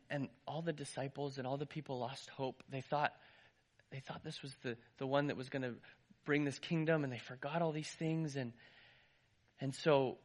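A man preaching to a congregation, telling the story with lively ups and downs. His voice is husky and sits a little high. He restarts phrases now and then. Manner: lively retelling, voice rising and falling, some restarts. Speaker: pastor. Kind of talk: sermon storytelling.

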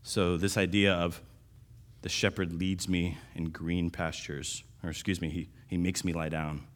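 Pastor, male, very deep voice; casual sermon delivery, restarts, punchy emphasis. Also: little pitch movement, a little slow. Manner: conversational, with restarts and sudden louder emphasis.

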